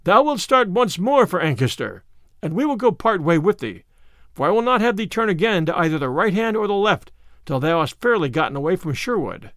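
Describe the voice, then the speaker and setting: A man's voice: high-pitched, sing-song, brisk, fairly bright tone, no room sound, studio quality, full character voice. A man voicing a jolly, bold outlaw leader who teases his friend in old-fashioned speech. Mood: bossy.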